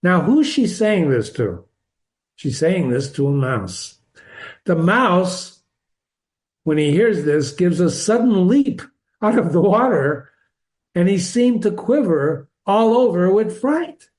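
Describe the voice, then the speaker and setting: A man's voice: high-pitched, very animated, slow, darkish tone. An older man reading a classic novel aloud and explaining it like a teacher, in a chatty, digressive way with chuckling asides. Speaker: reader and teacher.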